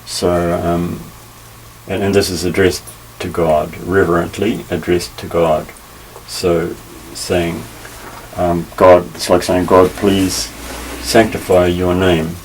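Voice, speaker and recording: A man teaching a Bible lesson, measured and careful, pausing often with fillers as he explains. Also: sits low, level tone. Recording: slightly distant mic with faint ambient noise.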